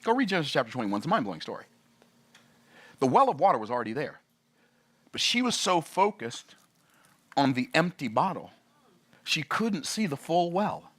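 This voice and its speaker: A man's voice: on the high side, normal speed, long pauses. Guy preaching a lesson, bouncy voice all over the place, keeps asking the crowd questions. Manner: animated, playful, acts out voices and laughs at his own jokes; asks the audience frequent rhetorical questions. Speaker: business teacher. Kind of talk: sermon-style teaching.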